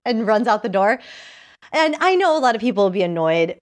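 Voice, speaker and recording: A woman co-hosting a podcast, chatting casually about a TV show, animated and gushing, laughing often. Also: medium pitch, fast. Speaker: podcast co-host. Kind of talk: casual TV review chat.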